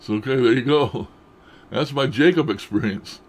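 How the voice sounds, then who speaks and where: A man's voice: mid-range voice, moderate pace, noisy background. A man chatting casually to camera at home about odd happenings. He speaks in a rambling, folksy way with loose grammar and frequent chuckles. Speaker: paranormal vlogger.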